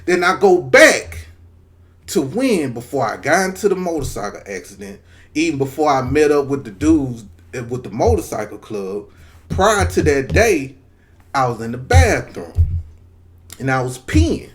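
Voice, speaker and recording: A man in his forties casually telling a personal story to camera, profane and lively, acting out the voices of people in it. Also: mid-range voice, measured pace. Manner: animated, profane, acts out quoted voices. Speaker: storyteller vlogger.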